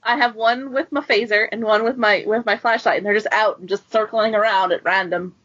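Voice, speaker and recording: A woman's voice: medium pitch, fairly even intonation, brisk, fairly bright tone. A woman playing a tabletop game, talking in a brash, swaggering way, on a dull lo-fi recording. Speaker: player. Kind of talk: casual tabletop play.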